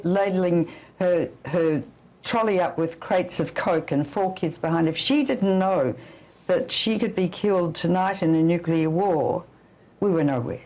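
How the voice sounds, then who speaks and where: Older woman, emphatic, urgent, blunt warnings, slightly low voice. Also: a little mellow, rough recording. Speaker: physician and anti-nuclear campaigner. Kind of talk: interview guest.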